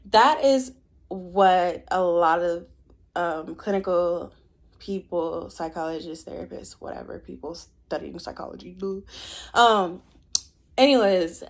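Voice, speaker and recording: A woman giving casual, opinionated commentary on a film, animated and quick with asides. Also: lowish voice.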